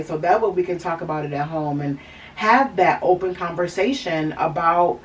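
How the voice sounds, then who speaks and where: A woman's voice: lowish voice, normal speed, recorded from a distance, poor audio. A woman hosting a podcast, telling a candid personal story in a rambling way, with lots of fillers and restarts. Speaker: podcast host.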